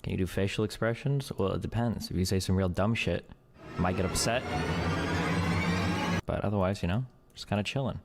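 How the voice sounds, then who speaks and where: A man's voice: deep voice, brisk, vocal fry, pauses often, soft background music. A man in casual stream banter, playfully reading chat and answering quiz questions. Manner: playful, reads chat aloud, laughs a lot.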